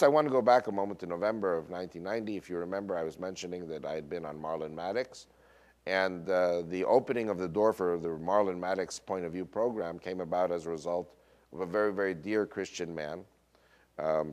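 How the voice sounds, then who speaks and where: An American man with a Northern US accent telling a personal story in a lecture, quoting others and often pausing on fillers. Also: deep voice. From United States. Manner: animated retelling with quoted voices, frequent uh fillers. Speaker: speaker.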